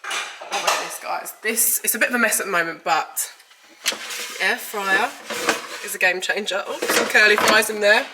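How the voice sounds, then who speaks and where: A woman's voice: medium pitch, moderate pace, long pauses, very noisy. A woman chatting casually to camera at home as a beauty vlogger, effusive and chatty, sounding a little stuffy. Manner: chatty and effusive, frequent "like" and "guys". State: slightly stuffy, bunged up. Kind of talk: casual vlog chat to camera. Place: at home, indoors.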